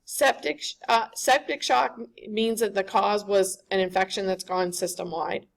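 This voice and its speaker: New lady teaching a class, kinda gravelly, mid pitch, super conversational. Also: steady tone, normal speed. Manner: conversational, often checks in with "right?". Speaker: lecturer. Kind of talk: classroom lecture. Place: lecture classroom.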